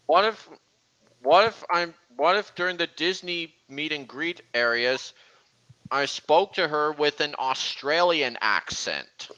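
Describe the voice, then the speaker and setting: A man's voice: fairly high pitch, animated, takes it slowly, sharp tone, highs cut off. A young man hosting a casual voice-chat stream, rambling and often restarting his sentences. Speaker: stream host.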